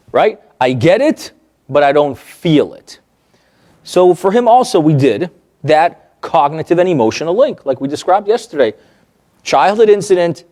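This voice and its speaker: A male therapist teaching a workshop, telling client stories in a lively way and checking in with the audience. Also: on the high side. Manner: animated, acts out quoted remarks, checks in with the audience.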